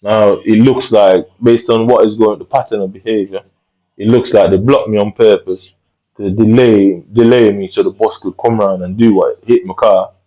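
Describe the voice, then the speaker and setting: A man's voice: lowish voice, fairly even intonation, moderate pace, dark tone, dull audio. A man with telling an angry personal story, rambling and profane, full of tag questions. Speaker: vlogger.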